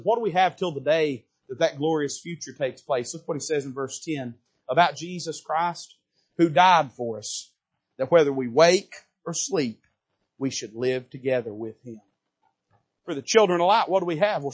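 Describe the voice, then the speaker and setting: Fervent husky high-voiced preacher. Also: male voice. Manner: fervent, rising to emphatic peaks with folksy asides. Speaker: pastor. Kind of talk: sermon.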